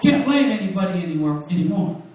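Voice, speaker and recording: A man preaching and telling a personal testimony at a church service, emphatic and rising to near shouts. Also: sits high, sing-song, fast talker, heavy reverb, heavy background noise. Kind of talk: sermon testimony. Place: church sanctuary. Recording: tinny distant church recording.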